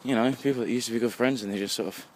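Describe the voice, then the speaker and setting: A man's voice: mid-range voice, very fast, darkish tone. A young English man in his twenties, a bit tipsy, rambling and swearing constantly while walking home at night and talking into his phone. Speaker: vlogger. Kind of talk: casual rambling monologue. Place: outdoors on a street at night, walking. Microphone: phone held while walking. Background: faint passing traffic.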